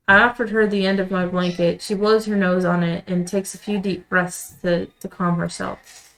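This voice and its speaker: A woman streamer reading a visual novel aloud in quiet, measured first-person narration. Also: medium pitch, level tone, rough recording. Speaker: let's-play streamer.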